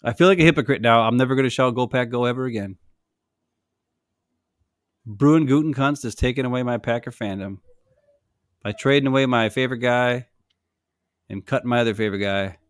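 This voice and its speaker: A man's voice: medium pitch, a little fast, pauses often, clear, resonant tone, dry recording, clean studio sound. A man co-hosting a casual sports chat, griping and joking. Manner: griping, jokey. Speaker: podcast co-host.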